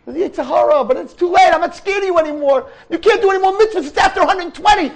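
A man's voice: extremely high pitch, racing, creaky, pitched above the performer's own voice. A man voicing a jeering male spirit of the evil inclination, mocking someone after their death.

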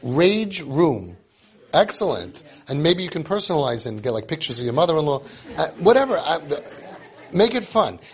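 Pitched fairly high with big swings in intonation, this man speaks at a normal speed while lecturing parents informally. He's forceful and repetitive, weaves in Hebrew and Yiddish expressions, and acts out what parents and children say.

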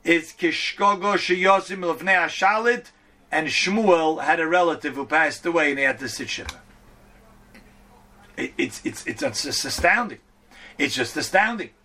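Man, Torah teacher, high bright voice, animated Talmud lesson. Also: normal speed. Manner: animated, quotes Hebrew and Aramaic texts then explains.

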